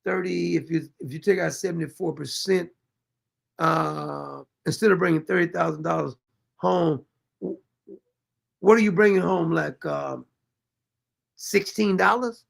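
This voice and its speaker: A high-pitched man with a gravelly rasp hosts a reaction commentary. He mocks and rants at the clips he plays in an exasperated, sarcastic way. He also reads viewer comments aloud. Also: unhurried, long pauses. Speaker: commentary show host.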